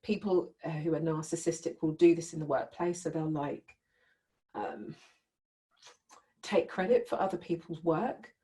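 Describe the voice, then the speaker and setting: A woman's voice: sits low, unhurried, pauses often, mellow. A woman teaching a live group in a conversational way, often checking in with her listeners. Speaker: workshop leader.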